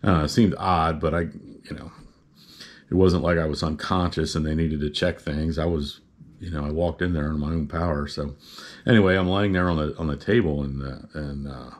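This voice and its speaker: A man's voice: very deep voice, fairly even intonation, moderate pace. A man telling a personal story in a casual, rambling, good-humored way, full of "uh" and "you know".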